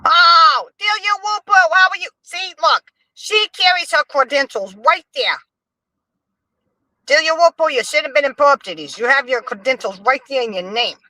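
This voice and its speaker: A woman hosts a casual gossip livestream, dishing commentary to her chat with a sassy, animated delivery. Her voice is bright and forceful, and it rises and falls all over the place. The sound is close and dry, with no room around it. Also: high voice, normal speed, no room sound. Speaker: livestream host.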